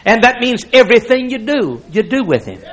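A man's voice: extremely high pitch, sing-song, fairly quick, poor audio. An older man preaching a folksy sermon full of stories, chuckling often as he talks. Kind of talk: sermon with anecdotes.

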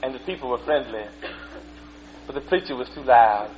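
A man's voice: mid-range voice, moderate pace, lo-fi sound, slight background noise, pitched below the performer's own voice, lightly acted. A man voicing a prim, dainty church visitor in white gloves, with a mincing, complaining manner.

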